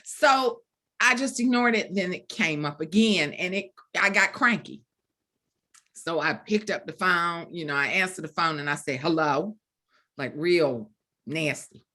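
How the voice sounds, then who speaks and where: A woman in her fifties from the Deep South, telling a story as an author guest, acting out the dialogue and laughing often. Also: a little slow, sharp tone. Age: 50s. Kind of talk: storytelling in a virtual book event chat.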